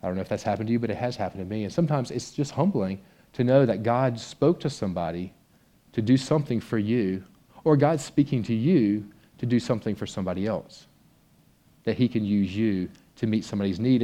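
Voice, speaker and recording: Brief: male pastor, lower voice, warm and mellow, conversational sermon with expressive reading. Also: brisk. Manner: conversational, reads aloud expressively. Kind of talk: sermon with a read-aloud story.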